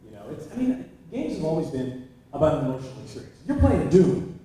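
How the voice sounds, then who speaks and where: A man's voice: on the high side, very animated, quick pace, warm tone. A man on a convention panel making his point emphatically, filling it with "you know". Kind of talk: casual panel talk. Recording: echoey hall from far off.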